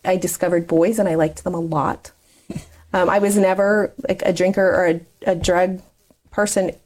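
A woman in her forties, interviewed about her life story, speaks in a lowish, steady, slightly mellow voice at normal speed. She's chatty and candid, laughing often as she talks.

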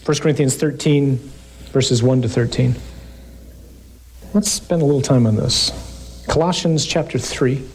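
A man's voice: medium pitch, a little slow, pauses often, a little hiss or hum. A man preaching a sermon, reading scripture aloud and explaining it with emphasis and jokes. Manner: animated, emphatic, jokes with the listeners.

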